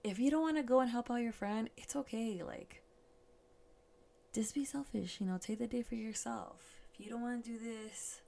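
A woman's voice: fairly high pitch, moderate pace, gravelly, mellow, a little hiss or hum. A young woman hosting a casual solo podcast, swearing freely and laughing often, a little stuffy and yawning. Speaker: podcast host.

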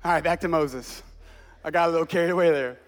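A man's voice: fairly high pitch, fast talker. A man preaching a sermon with passion, exclaiming and repeating phrases for emphasis.

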